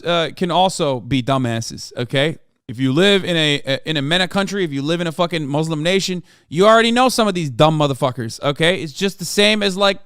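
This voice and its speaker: A man streaming a reaction commentary, profane, animated and sarcastic. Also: a little high, clear, resonant tone, no room sound, studio quality. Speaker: streamer host.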